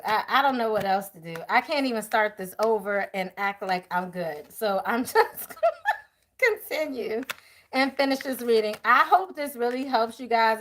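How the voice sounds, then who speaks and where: High-voiced woman chatting a tarot reading. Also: fairly bright tone. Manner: chatty, addresses viewers as y'all. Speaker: tarot reader. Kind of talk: live tarot reading chat.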